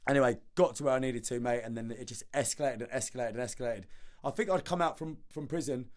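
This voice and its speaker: A man, a podcast guest telling his story in casual conversation, animated and slangy, often repeating words as he acts out the dialogue. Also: medium pitch, quick pace.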